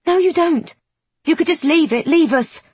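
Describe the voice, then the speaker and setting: A woman reading the part of a young woman whose voice has a slight warble to it, with raised pitch and intensity. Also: animated, moderate pace, a little mellow, no echo. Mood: pleading. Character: anxious young woman Wren, firm and protective.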